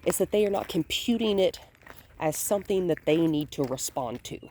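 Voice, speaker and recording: A woman dog trainer filming a walk outdoors on a hand-held phone, calmly explaining and softly praising the dog. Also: fairly low pitch, normal speed, slight background noise. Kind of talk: hands-on training demonstration. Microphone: phone held in one hand.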